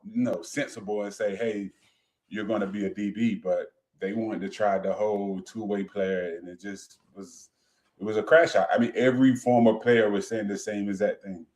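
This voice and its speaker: A man's voice: on the low side, fairly even intonation, normal speed, a little mellow. A man, a former football player, chatting as a laid-back guest on a sports show. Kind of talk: casual chat. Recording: echoey room sound.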